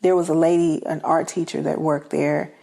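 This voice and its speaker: A woman's voice: low voice, level tone, moderate pace, creaky, dark tone. A woman, a guest in an interview, earnestly telling her life story and acting out the voices of the people in it. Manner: earnest, acts out quoted dialogue.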